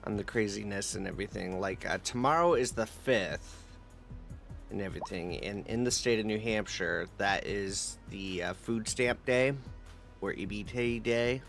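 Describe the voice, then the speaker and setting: A male livestreamer chatting casually with his viewers in a relaxed, rambling way, with many fillers. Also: lowish voice, normal speed, creaky, faint music behind.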